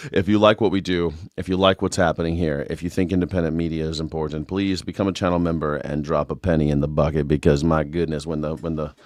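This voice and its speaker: Host, male, low dry voice, loose jokey livestream commentary with self-mocking riffs. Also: no room sound. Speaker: news and culture commentator. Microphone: desk mic with monitors.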